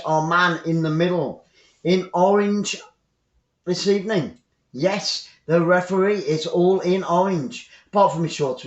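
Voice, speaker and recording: An English man giving chatty live football commentary for an online stream, repeating his phrases and rambling into asides. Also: fairly high pitch. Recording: roomy, dull lo-fi sound.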